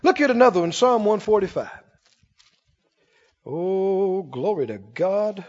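A man preaching a sermon, swinging from booming scripture reading to quiet, quick asides to the congregation. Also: expressive. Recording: muffled sound in a long reverberant hall.

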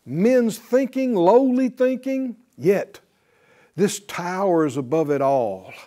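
A man teaching a Bible class in a fervent preaching style, breaking into hallelujahs and quick laughs. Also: high-pitched, expressive, dark tone.

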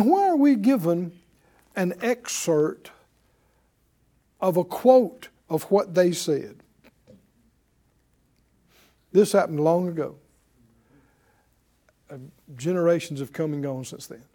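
A man's voice: high voice, dark tone. A man preaching a sermon, reading scripture aloud with rising emphasis and leading his congregation in call-and-response.

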